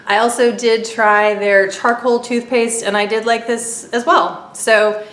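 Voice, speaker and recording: A woman chatting through a casual product review vlog at home, talking quickly with many fillers and asides. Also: fairly high pitch, level tone, a bit bright, echoey room. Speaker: beauty vlogger.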